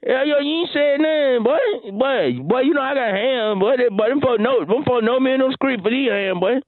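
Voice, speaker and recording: A man's voice: extremely high pitch, moderate pace, dry recording. A man playing a boastful, streetwise caller who trash-talks the hosts, with constant "boy" and "Shawty". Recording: tinny phone line.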